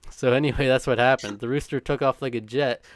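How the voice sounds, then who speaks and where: A man's voice: mid-range voice, steady tone, no room sound. A man co-hosting a podcast, reading a countdown script with a chuckle now and then, mixed with casual chat. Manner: brisk, chuckling between lines.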